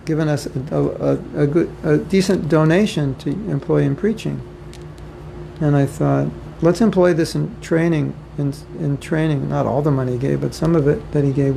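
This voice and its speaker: Gravelly, mellow-voiced American man lecturing. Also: a little high, slight background noise, poor audio. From United States. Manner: conversational, joking asides, repeats himself. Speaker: spiritual teacher giving a class. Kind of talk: informal lecture to devotees. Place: home or temple room, faint ambience behind.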